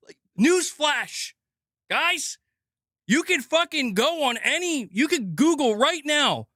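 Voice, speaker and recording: Sarcastic ranting man, bright voice. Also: very high voice, animated, unhurried, dry recording, clean studio sound. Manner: sarcastic, heated and profane. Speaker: gaming news streamer. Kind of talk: livestream rant.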